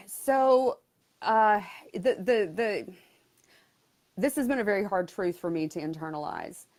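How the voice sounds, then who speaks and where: A woman's voice: medium pitch, animated, takes it slowly, long pauses, darkish tone. A middle-aged woman coach speaking candidly as an interview guest, frank and blunt with touches of humor.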